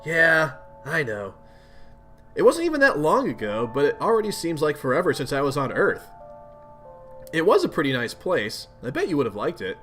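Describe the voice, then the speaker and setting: A man's voice: on the high side, huge pitch swings, normal speed, a bit bright, soft background music. A man voicing an arrogant, bossy teenage alien troll girl in a webcomic read-aloud, speaking haughtily and condescendingly. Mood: haughty.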